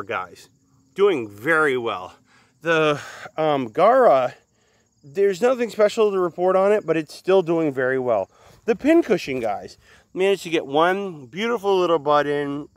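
Man, slightly high voice, dry close sound, outdoors garden vlog, chatty, casual. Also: a bit bright, no echo. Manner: chatty, keeps addressing viewers as guys. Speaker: gardening vlogger. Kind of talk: casual walk-through vlog.

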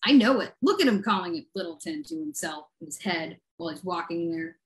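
A woman poet performing her own poem aloud, cooing in baby talk and breaking into low, cursing asides. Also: animated, fairly quick. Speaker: guest poet. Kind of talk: performance poetry reading.

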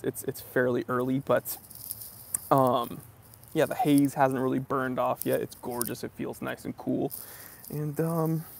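A man's voice: mid-range voice, vocal fry, darkish tone. A man from New England hosting a live stream outdoors outside a library, greeting viewers by name in an upbeat, casual way.

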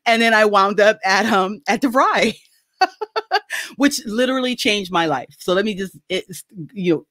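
A middle-aged woman telling a casual story on a video call, animated and laughing often as she acts out quoted voices. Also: mid-range voice, unhurried, no room sound, studio quality. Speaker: guest.

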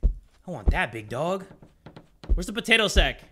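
A young man doing casual horror game commentary, jokey and excitable, sinking to nervous mutters when scared. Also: a little high, measured pace, background noise. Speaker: gaming YouTuber.

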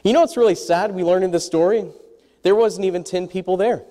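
A man preaching a sermon to a congregation, animated and quizzing his listeners as he goes. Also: sits high, fairly quick, big-room sound. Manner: animated, asks the congregation questions. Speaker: pastor.

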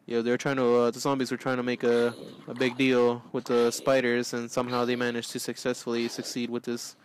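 A man hosting a let's play with goofy, excitable commentary, often yelling out. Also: medium pitch, brisk, slight background noise. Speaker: gaming channel host.

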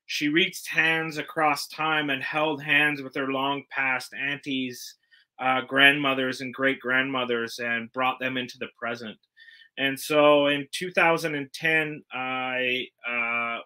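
A man from Canada giving an earnest, measured curator's talk, often pausing on "uh". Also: medium pitch, bright, forceful tone. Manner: earnest, measured, frequent "uh" fillers. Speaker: guest curator.

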